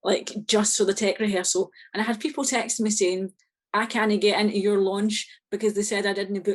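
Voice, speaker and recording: A woman's voice: mid-range voice, brisk. A woman with a Scottish accent, an author chatting as a podcast guest, telling a story with lots of laughter and acted-out quotes. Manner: lively, laughs often, acts out quoted exchanges. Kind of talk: casual storytelling chat.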